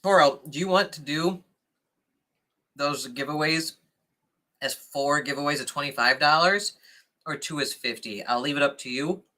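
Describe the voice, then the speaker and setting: A young adult man hosting a casual livestream, chatting excitedly and thanking viewers as he reads comments. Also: a little high, normal speed, pauses often. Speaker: livestream host.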